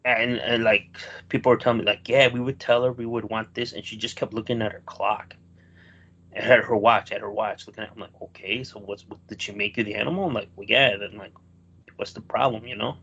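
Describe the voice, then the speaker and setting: Guy rambling a story on a podcast, gravelly voice, lo-fi muffled sound. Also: fairly low pitch, fairly even intonation, a little fast, fairly bright tone. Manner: rambling storyteller, swears freely. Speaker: podcast co-host. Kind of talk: casual chat.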